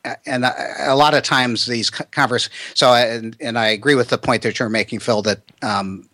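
A man's voice: mid-range voice, fairly even intonation, normal speed, sharp tone, dry recording. A man hosting an interview, thinking aloud in a conversational way with many restarts. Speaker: podcast host.

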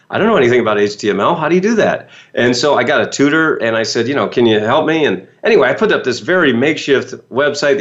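A man, a motivational speaker, telling a personal story to an audience and acting out the voices he quotes. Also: medium pitch. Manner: animated, acts out quoted voices. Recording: dull lo-fi sound.

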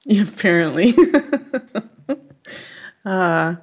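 A woman's voice: on the low side, very slow. A woman hosting an interview, easygoing and curious, who laughs often. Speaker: host. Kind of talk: casual interview chat.

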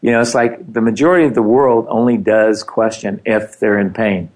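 A man's voice: lowish voice, steady tone, moderate pace, a little mellow. A middle-aged man telling his story in casual conversation, animating the quoted dialogue.

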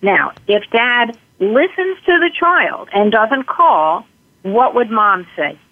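A woman's voice: on the high side, lively intonation, slow pace. A woman guest expert giving earnest explanatory answers in an interview, slipping into short quoted lines to illustrate her points. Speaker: guest expert on parental alienation. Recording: tinny phone line.

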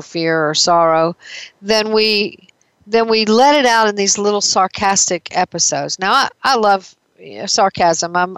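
A woman's voice: mid-range voice, fairly bright tone, no room sound, low-quality recording. A woman therapist giving a conversational talk on emotions, explaining with everyday examples.

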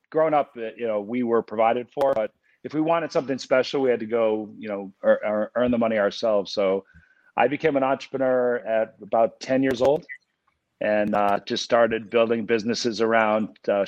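A man answering as an interview guest, relaxed and full of fillers. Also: mid-range voice, dry recording. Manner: relaxed, many fillers, laughs easily. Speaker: guest entrepreneur. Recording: dull video-call audio.

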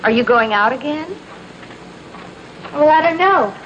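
A woman's voice: high-pitched, animated, measured pace, fairly bright tone, highs cut off, a little hiss or hum. An actress playing a fussy, gossiping mother who complains wryly about her daughter.

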